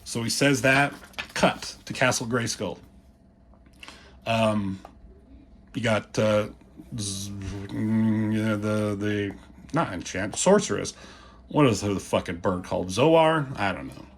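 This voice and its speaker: A man's voice: on the low side, takes it slowly, long pauses, a little hiss or hum. A man casually walking through comic pages, rambling and swearing, acting out the characters' lines as he goes. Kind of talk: casual commentary.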